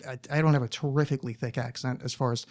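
A man's voice: mid-range voice, steady tone, quick pace. An American man hosting a podcast, talking in a rambling, casual monologue full of fillers, restarts and swearing. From United States. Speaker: podcast host.

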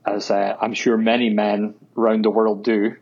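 On this muffled recording with slight background noise, a Scottish web designer speaks as a podcast guest in casual chat. He sounds hesitant, filling gaps with ums and uhs. His lowish, darkish voice runs flat and a little slow.

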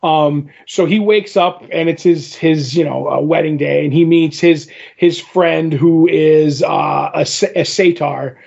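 A man co-hosting a podcast in casual comic book chat, retelling scenes with animated character lines. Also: a little high, unhurried, creaky, few pauses, husky, dull audio. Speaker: podcast co-host.

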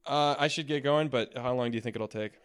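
A man's voice: medium pitch, quick pace, clear, resonant tone, no room sound, studio quality. A man co-hosting a casual podcast, who mostly chimes in with short reactions and questions. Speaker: podcast co-host. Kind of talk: casual chat.

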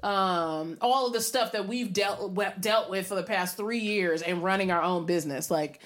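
A woman's voice: mid-range voice, moderate pace. A woman co-hosting a podcast, talking openly and reflectively about how she feels at home. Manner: open, reflective, rambling. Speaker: podcast co-host. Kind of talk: casual chat and reflective check-in.

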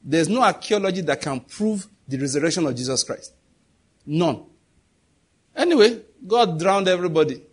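A middle-aged preacher delivers a sermon, his voice somewhat husky and breathy. He speaks emphatically and conversationally, throwing rhetorical questions at the congregation. His pitch sits a little higher than most men's. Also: animated, normal speed.

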